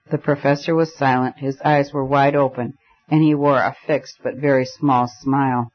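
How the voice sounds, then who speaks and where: In a medium-pitched voice, a man reads scripted audiobook narration with a steady, measured storytelling manner, captured on a dull lo-fi recording.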